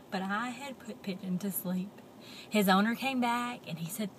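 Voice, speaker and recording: A woman telling a story to children, animated and expressive, often dropping into whispers. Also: mid-range voice, moderate pace, slight background noise.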